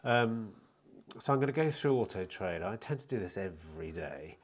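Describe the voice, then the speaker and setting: This is a used car dealer vlogger, a middle-aged man with a cold and a slightly chesty sound, chatting loosely to camera. His deep voice is expressive at normal speed as he rambles plainly, restarts, and swears now and then. There's no room sound.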